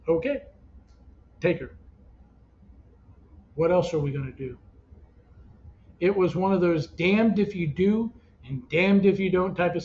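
A man with a somewhat high voice tells a painful family story in an earnest, emotional way, often stopping and restarting. The audio is dull and lo-fi, with a faint hiss under it. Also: a little mellow. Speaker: parent of a child with cancer. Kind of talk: personal storytelling podcast.

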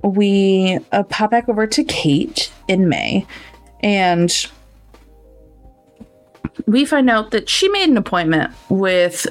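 A woman co-hosting a book podcast, recapping a thriller in a casual, animated way and acting out the characters' lines. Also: on the low side. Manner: animated retelling with acted-out quotes. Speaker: podcast co-host.

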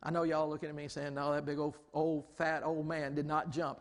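A man preaching a lively storytelling sermon in a large church hall, exclaiming often and acting out the people he quotes. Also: fairly high pitch, a little fast. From Southern United States. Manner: animated, exclaims often, acts out quoted voices. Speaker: pastor. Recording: long hall reverb.

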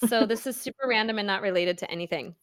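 An American woman in her thirties talks in a relaxed podcast chat and tells lively stories, laughing often. Her voice sits at a middle pitch, and she sounds close and dry with no room echo. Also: fast. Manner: chatty, laughs often, animated storytelling. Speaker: podcast co-host. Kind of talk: casual chat.

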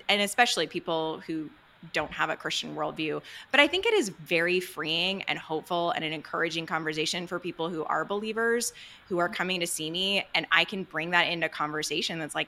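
A woman psychiatrist answering interview questions earnestly and excitedly, with many "you know"s and restarts. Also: fairly low pitch. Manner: excited, earnest, talks freely with many fillers. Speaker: psychiatrist guest.

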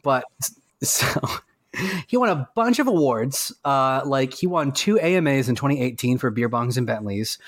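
A man co-hosting a casual music podcast from a remote call, talking in an excitable, rambling and self-mocking way. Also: medium pitch, normal speed, no room sound. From Canada. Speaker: podcast co-host. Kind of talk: casual chat. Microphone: remote call mic.

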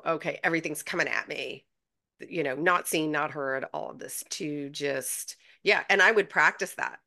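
A woman's voice: sits low, sharp tone. A woman co-hosting a podcast, sharing her experiences in casual chat in an earnest, reflective way. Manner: earnest, reflective, quoting her inner thoughts. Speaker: podcast co-host.

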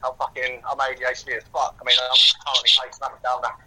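A man with an Essex accent, a podcast guest chatting in a fast, sweary, joking way over a voice call. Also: medium pitch, monotone, background noise. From England. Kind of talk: casual podcast chat. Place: at home, pacing around.

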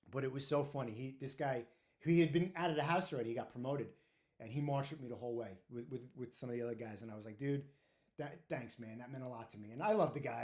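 A middle-aged retired firefighter tells his stories casually. His voice sits a little high for a man, and he swears freely and breaks into laughter often. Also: darkish tone. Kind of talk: casual storytelling to camera.

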